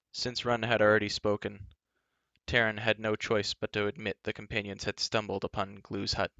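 A man reading a children's book aloud in a gentle, measured storytelling manner. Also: fairly low pitch, creaky, dry recording, lo-fi sound.

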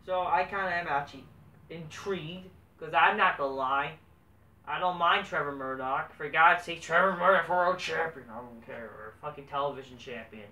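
A young man rambles through a casual, profanity-laced show recap in a bright, forceful voice. He sits well back from the mic in an echoey room with a faint hiss behind him. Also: on the high side, normal speed, far from the mic. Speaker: wrestling show reviewer. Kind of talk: casual vlog review.

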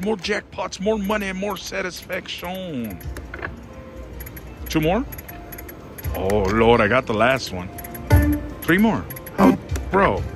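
A man talks through his slot spins in a voice that swoops up and down and sits fairly high. He pleads with the machine and cries out dramatically at each result. Loud slot machine music plays behind him. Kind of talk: excited live commentary while playing slots. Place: casino.

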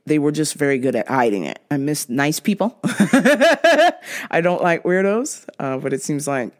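A woman's voice: sits low, big pitch swings, unhurried. A woman hosting a podcast, ranting bluntly and profanely in a casual monologue, often laughing. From half Jamaican. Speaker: podcast host.

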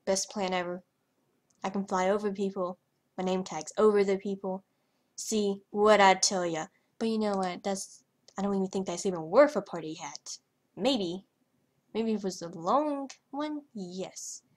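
A young woman chatters over her gameplay in a hyper, scattered way, trailing off and stumbling over her words. She speaks slowly and unhurriedly, and her voice sits at an ordinary pitch. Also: a little mellow. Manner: hyper and rambling, trailing off and stuttering. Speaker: gaming vlogger. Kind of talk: casual commentary over gameplay.

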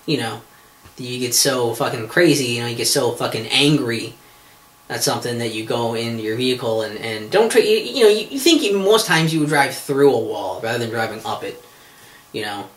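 A man's voice: mid-range voice, expressive, a little fast, fairly bright tone. Rambling, profane man in a roomy space. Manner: profane, exasperated, many fillers and restarts. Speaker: podcast host. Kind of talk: rambling comedic monologue. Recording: roomy echo.

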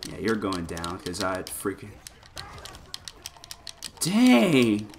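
Excitable man commenting on a fighting game. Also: on the low side, very slow, creaky, slight background noise. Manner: excitable, loose, frequent exclamations and filler words. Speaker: gameplay commentator. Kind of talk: casual gameplay commentary.

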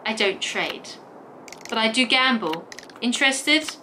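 A woman's voice: fairly high pitch, lively intonation, unhurried, bright, forceful tone, a little hiss or hum. A woman voicing a feisty female stray cat who talks in a cool, dismissive, haughty way. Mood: scornful.

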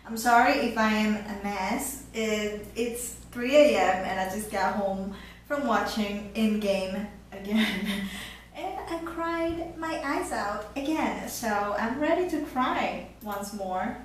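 A woman with a high voice reacts in an anxious, emotional rush, swearing often and slowing down to linger on her words. She sits some way from the mic in a very echoey room, with loud soundtrack music playing behind her. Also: recorded from a distance, slight background noise. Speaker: YouTube reactor. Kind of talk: live reaction commentary. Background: loud show soundtrack playing.

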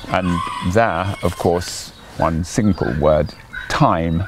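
Slow, gentle older priest. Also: male voice, low-pitched, noisy background. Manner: gentle, chatty, rambling with fillers. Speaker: priest leading morning prayer. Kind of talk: gentle devotional talk. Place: outdoors in a garden. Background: faint birdsong.

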